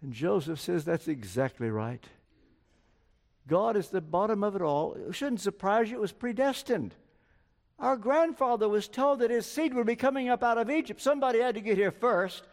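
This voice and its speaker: Older male preacher, high-pitched, storytelling sermon, long hall reverb. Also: expressive, normal speed. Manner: storytelling, acts out quoted dialogue.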